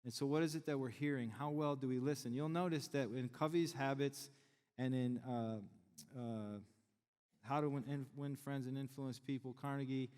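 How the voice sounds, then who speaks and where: Deep-voiced pastor in a big hall. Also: male voice, steady tone, normal speed, darkish tone, clear, resonant tone. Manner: conversational, joking with the congregation. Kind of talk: sermon. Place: large church sanctuary. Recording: long church hall reverb.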